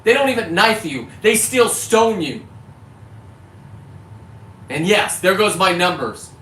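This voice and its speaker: Male fisherman vlogger from California, heated profane monologue, forceful bright tone, distant echoey mic. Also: high-pitched, very animated, slow. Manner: heated, profane, self-correcting about cussing. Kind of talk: ranting monologue to camera. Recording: echoey, distant mic with faint background noise.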